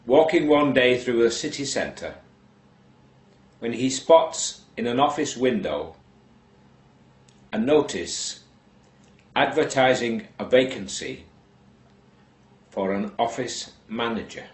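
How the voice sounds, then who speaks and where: A man slowly telling a shaggy-dog joke, unhurried and deadpan with long pauses. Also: mid-range voice, echoey room. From England. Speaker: joke teller.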